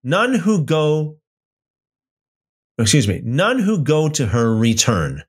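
A man's voice: fairly high pitch, wildly swooping pitch, breathy edge. A man leading an evening Bible study, reading scripture aloud and adding conversational comments with frequent restarts. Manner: slow, deliberate reading with conversational asides and restarts.

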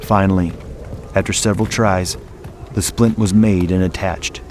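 Low-voiced male narrator for a dark horror tale, slow and grave, with a faint hiss of noise behind him. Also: fairly even intonation. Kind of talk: scripted first-person horror narration.

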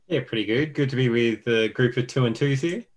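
A man's voice: mid-range voice, fairly quick. A man in casual podcast chat as the league commissioner, easygoing and wry.

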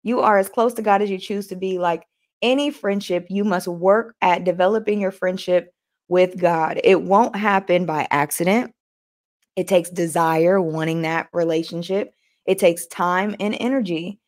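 A woman's voice: lowish voice, moderate pace. A woman hosting a casual motivational talk, chatting folksily with viewers, laughing often and reading aloud from a book between their comments. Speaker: host.

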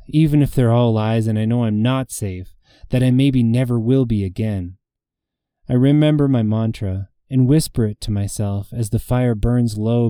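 A man narrating first-person fantasy fiction in a measured, intimate storytelling manner, giving the characters' lines in character. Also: fairly low pitch, mellow, no echo, studio quality. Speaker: audiobook narrator.

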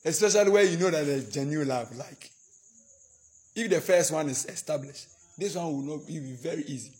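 A man's voice: fairly high pitch, brisk. A man preaching at a marriage seminar, acting out scenes between couples and leading the congregation in prayer. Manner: acts out couple arguments, animated, prays in tongues. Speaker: pastor. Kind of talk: sermon.

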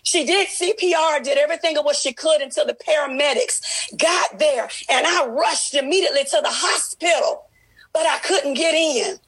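A woman giving an impassioned testimony at a women's ministry discussion, her preaching swelling into emotional shouts. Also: high voice, moderate pace, rough recording.

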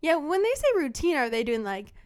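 A woman's voice: high voice, sing-song, brisk. A woman co-hosting a casual chat, bubbly and laughing often as she jokes. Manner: bubbly, laughs often, acts out silly voices. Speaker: podcast co-host.

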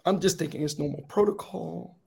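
A man with a fairly high, gravelly voice tells his own story as an interview guest. He speaks earnestly, dropping quiet and grave in the hard moments and rising to rousing encouragement. A slight rasp runs through his voice. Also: brisk. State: slightly raspy. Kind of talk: telling a personal story.

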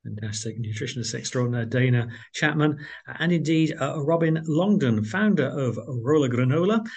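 A man's voice: medium pitch, animated, normal speed, gravelly, darkish tone, breathy edge. A man hosting a radio interview, chatty and upbeat, with frequent filler sounds. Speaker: radio host.

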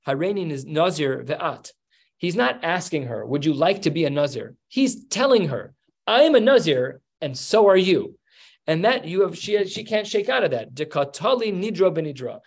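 A man's voice: fairly high pitch, creaky. Man teaching a Talmud class. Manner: explains step by step, acts out quoted lines. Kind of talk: Talmud lesson.

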